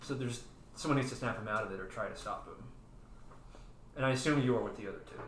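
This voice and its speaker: A man's voice: mid-range voice, fast talker, distant mic, noisy background. A man running a tabletop game as game master, talking casually and laughing often. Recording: echoey room, off-mic, music playing.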